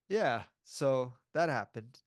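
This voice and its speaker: A man tells a story on a podcast, mid-pitched and lively, laughing as he goes and slipping into other people's voices. He is close to the mic in a dry room with no echo. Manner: animated, laughs often, acts out voices in his stories. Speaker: podcast co-host. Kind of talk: casual storytelling chat.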